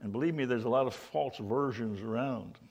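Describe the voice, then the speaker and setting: A man preaching a sermon, swinging between loud, emphatic declarations and low, quiet lines. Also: moderate pace, creaky.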